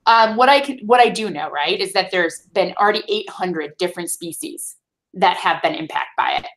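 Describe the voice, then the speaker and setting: A woman's voice: fairly low pitch, normal speed, fairly bright tone. A woman with a Midwestern accent, a sustainability expert answering schoolchildren's questions over a video call in a friendly, explanatory way, often checking in with "right?". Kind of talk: answering kids' questions in a virtual classroom.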